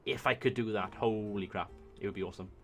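Man, 20s, low voice, excitable gameplay commentary, swears a lot, faint music behind. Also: fast. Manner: excitable, swearing, chatting to himself. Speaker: let's play host.

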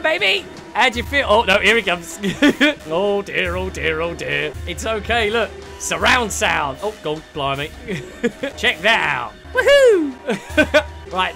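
A young man giving excitable let's play commentary, muttering one moment and shouting or laughing the next. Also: high-pitched, gravelly. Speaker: gaming YouTuber.

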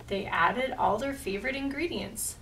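A woman reading a picture book aloud at a library storytime, slow and expressive. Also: on the high side, far from the mic, very noisy.

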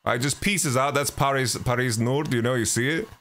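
A man's voice: medium pitch, moderate pace, fairly bright tone. Rambling, swearing male podcast host. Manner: rambling, profane, lots of restarts and "you know". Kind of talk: casual storytelling podcast.

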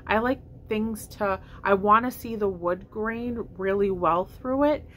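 A woman's voice: medium pitch, unhurried, a bit bright, a little hiss or hum. A woman chatting casually about her shopping haul at home, upbeat and rambling, with hiccups. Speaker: vlogger showing a shopping haul. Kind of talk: casual haul chat to camera. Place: at home indoors.

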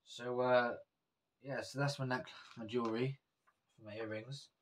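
A man's voice: medium pitch, steady tone, moderate pace. A man casually vlogging about his jewellery, rambling with many fillers and self-corrections.

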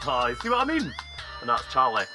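An actor with a Scottish accent playing a cocky, daft young tank soldier in a comedy series, chatty and playful. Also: male voice, medium pitch, huge pitch swings, fairly quick, over music. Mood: showing off. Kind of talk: sitcom acting.

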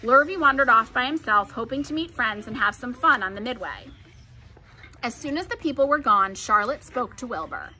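Bright-voiced woman reading a storybook aloud. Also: on the high side, moderate pace. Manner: expressive, gentle storytelling. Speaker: storybook reader. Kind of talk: children's book read-aloud narration.

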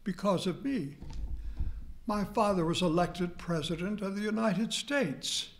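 An older man lecturer voicing a courteous, reminiscing elderly gentleman in a told story. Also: high voice, a little slow, slight background noise. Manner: cordial, reminiscing.

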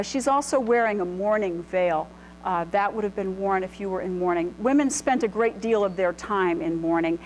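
A woman's voice: mid-range voice, slight background noise, rough recording. A middle-aged woman presenting clothing history to a live audience, casual and full of ums and restarts, in a lecture room. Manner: chatty, many ums and restarts. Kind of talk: informal illustrated lecture.

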